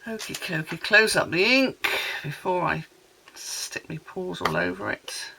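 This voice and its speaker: A woman from Wales with a low, creaky voice speaks unhurriedly while making cards at her desk. Her casual tutorial chat is homely and full of rambling asides, and there is noise in the background.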